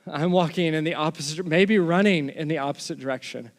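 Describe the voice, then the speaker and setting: A man's voice: fairly high pitch, brisk, in a large hall. A man from Texas, a pastor giving a sermon in a conversational storytelling way, often restarting his phrases.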